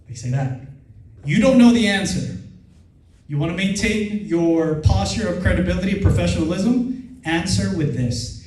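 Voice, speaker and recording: A man from the Philippines whose first language is Filipino, giving an energetic motivational seminar talk. He laughs often and leads the crowd in call-and-response. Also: high voice, a little slow, pauses often. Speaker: seminar speaker and trainer. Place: large event hall with a live audience. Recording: echoey hall, voice far from the mic.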